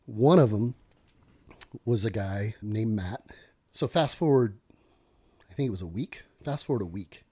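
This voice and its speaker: A middle-aged man, a former police lieutenant, telling a story as a podcast guest in an animated, self-interrupting way. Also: on the low side, measured pace, long pauses, slightly rough.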